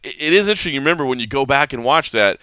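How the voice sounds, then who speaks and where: A man hosting a sports podcast, telling stories in a casual, animated way with frequent restarts. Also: medium pitch, very fast, clean tone, no echo. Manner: animated storytelling with many restarts. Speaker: podcast host.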